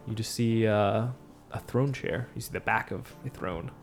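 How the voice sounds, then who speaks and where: A man running a tabletop game as game master, narrating in a halting way with many fillers. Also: lowish voice, faint music behind.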